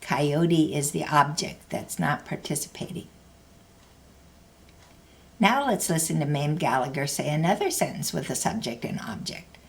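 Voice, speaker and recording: A woman's voice: sits low, lively intonation, a little slow, gravelly, a little hiss or hum. A woman teaching a language lesson, explaining grammar carefully in a scripted narration.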